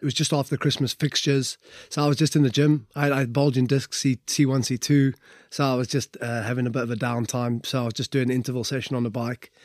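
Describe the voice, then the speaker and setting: A man's voice: mid-range voice, little pitch movement, fast, a little mellow, dry recording, clean studio sound. A middle-aged Welsh man and former rugby player telling his story in a casual interview, chatty and full of fillers. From Wales. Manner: conversational, lots of fillers and "like".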